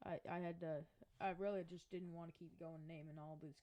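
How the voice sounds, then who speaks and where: A woman's voice: on the low side, expressive, brisk. A woman casually narrating a mapping video from her chair at home, rambling and correcting herself as she goes. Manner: rambling, self-correcting, chatty. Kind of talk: casual narration over a map.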